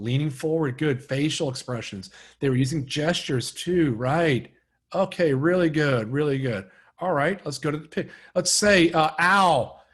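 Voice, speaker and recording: A man's voice: on the high side, husky. A man leading a live online sales training, coaching and urging participants on over a video call.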